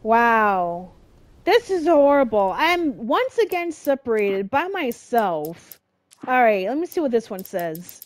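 A woman's voice: on the high side, sing-song, slow pace. Exasperated young woman playing a game. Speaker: gameplay streamer. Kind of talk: let's play commentary.

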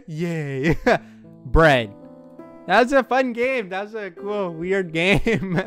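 A man with a somewhat high voice narrates a game as he plays it, talking into a headset. He is excitable and chatty, thinks out loud, and laughs often. Soft music plays faintly underneath. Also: unhurried. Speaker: let's play gamer. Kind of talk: let's play commentary.

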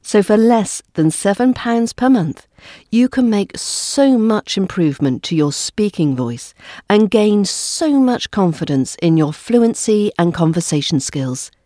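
A woman with a Southern English RP accent hosting a podcast lesson in a clear, measured, instructive way. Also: medium pitch, animated, warm tone, no echo, studio quality. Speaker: accent coach and podcast host.

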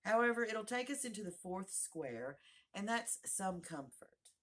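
A woman's voice: mid-range voice, animated, measured pace, voice pushed up. A woman voicing a proper, earnest little girl who is curious and at times impatient, in a storybook reading. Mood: hopeful.

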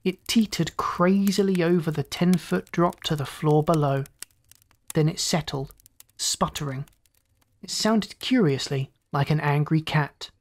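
A storyteller host reads a classic tale in calm, inviting scripted narration. The voice sits at a middle pitch and moves steadily through the prose. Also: unhurried.

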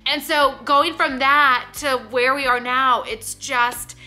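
A woman's voice: sits high, steady tone, slow, pushed and bright, soft background music. A young woman, talking casually to camera, emotional and full of "like". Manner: emotional, choking up and laughing; filler-heavy, repeats "like". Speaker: vlogger.

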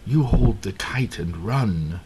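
Storybook frog, man reading: patient, encouraging, slow, a little gravelly. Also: lowish voice, background noise. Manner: encouraging, calmly persuasive. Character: patient, cheerful grown-up frog friend. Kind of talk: storybook read-aloud.

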